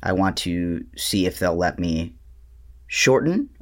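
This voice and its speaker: A trans podcast co-host talking casually, hesitant and stammery with lots of fillers. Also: male voice, sits low, very animated, slow pace. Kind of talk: casual chat and monologue.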